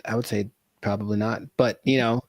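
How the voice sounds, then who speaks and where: A man co-hosting a casual podcast, joking and reacting with drawn-out, animated remarks. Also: lowish voice, dry recording, studio quality. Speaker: podcast co-host. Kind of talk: casual chat.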